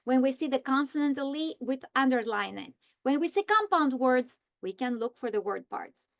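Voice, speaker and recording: A woman explaining how to teach a reading lesson, slowly modeling the script she would read to students. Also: sits high, expressive, creaky. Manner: slow, deliberate modeling of a script. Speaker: teacher trainer. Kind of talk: instructional walkthrough.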